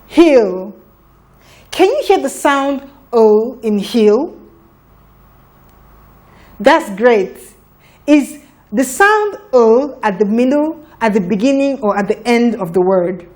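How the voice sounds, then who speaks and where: Slow, patient woman teaching phonics. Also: fairly high pitch, sing-song, a little mellow. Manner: patient, encouraging, sounds out letters. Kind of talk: slow children's phonics lesson.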